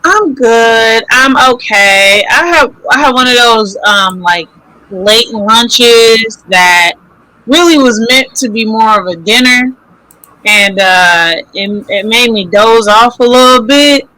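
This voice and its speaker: A woman's voice: on the high side, slow, sharp tone, no room sound, poor audio. A woman co-hosting a casual podcast, rambling with lots of filler words and a drowsy edge. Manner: rambling, many filler likes. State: drowsy, just woken up. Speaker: podcast co-host. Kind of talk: casual chat.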